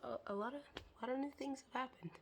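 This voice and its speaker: A young woman vlogging in a casual, rambling way, her voice hoarse and congested from a cold. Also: high-pitched, fast talker. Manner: rambling, chatty, trailing off into fillers. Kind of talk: casual chat to camera.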